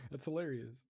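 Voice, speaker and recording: A man hosting a casual livestream, reading viewer comments aloud, laughing often and sounding out foreign words slowly. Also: on the high side, gravelly, mellow, breathy edge, muffled recording. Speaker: livestream host. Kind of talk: casual livestream chat while learning a language.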